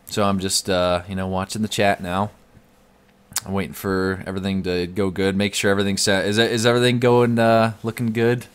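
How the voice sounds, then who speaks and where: A man's voice: sits low, level tone, normal speed, clean tone. A young man streaming live from home, chatting casually and reading out the chat.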